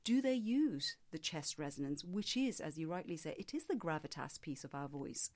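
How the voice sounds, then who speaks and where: A woman voice coach speaks in a measured, explanatory way, her voice sitting a little low for a woman. She answers questions at length and now and then demonstrates with her own voice. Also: animated, a little mellow. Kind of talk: interview answers.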